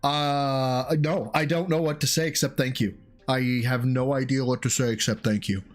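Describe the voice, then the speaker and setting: A man hosting a casual livestream, excitable and rambling, swearing freely as he thanks viewers. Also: mid-range voice, normal speed, faint music behind. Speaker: streamer host.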